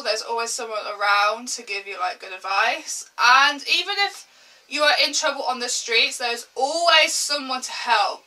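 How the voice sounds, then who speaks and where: A woman in her twenties chatting through a get-ready-with-me vlog, lively and exaggerating for laughs, swearing freely. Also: fairly high pitch, far from the mic, poor audio. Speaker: beauty vlogger.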